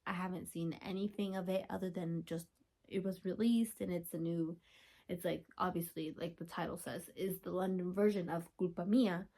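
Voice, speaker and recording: A young woman hosting a podcast, chatting casually from home, gushing and chatty with sudden whispers and excited squeals. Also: fairly low pitch, moderate pace. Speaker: podcast host. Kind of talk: casual chat.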